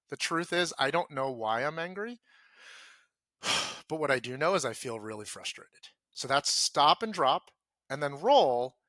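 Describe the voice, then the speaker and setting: In an earnest podcast conversation, a guest plays out the things he tells himself, his voice sinking soft and low as he quotes his own feelings. The recording is dry.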